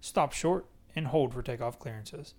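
A man voicing a male air traffic controller who speaks clearly, read from a book. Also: mid-range voice, close to an everyday voice. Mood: instructing. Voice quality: clear, measured.

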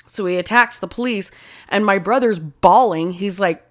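A woman in casual chat, telling a story with constant swearing and lively, heated delivery. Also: on the high side, normal speed. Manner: heavy swearing, animated storytelling.

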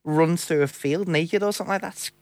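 A young man co-hosting a casual podcast chat, talkative and quick to laugh, often repeating words as he starts a thought. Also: a little high, no echo. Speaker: podcast co-host.

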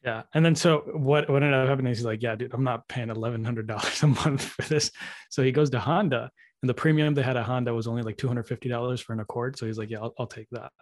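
A man with a medium-pitched voice tells a friend's story in easygoing, casual chat. He talks loosely, with slang like "dude.". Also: fast talker. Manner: relaxed storyteller, uses "dude".

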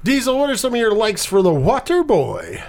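A man's voice: sits high, huge pitch swings, normal speed, gravelly, darkish tone. A man hosting a casual movie review podcast, chatting loosely, swearing often and laughing along with his co-hosts. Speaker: podcast host.

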